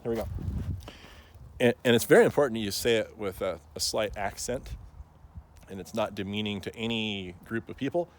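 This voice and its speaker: A man's voice: lowish voice, normal speed, pauses often, a little hiss or hum. A man talking casually to camera as a plant grower, rambling and joking with lots of fillers and frequent chuckles. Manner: chuckles often.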